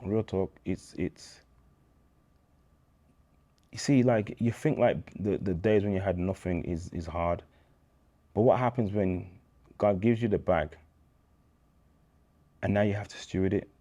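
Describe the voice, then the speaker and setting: Deep-voiced Birmingham man telling stories. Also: unhurried, pauses often. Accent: Birmingham English. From England. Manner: animated storyteller, slang-heavy, acts out quoted dialogue. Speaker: interview guest. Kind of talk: casual storytelling interview.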